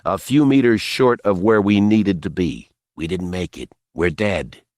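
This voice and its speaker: A man's voice: low-pitched, measured pace, a little mellow, no echo, studio quality. A male narrator voicing a bitter, angry young jungle guide in an audiobook. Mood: despairing.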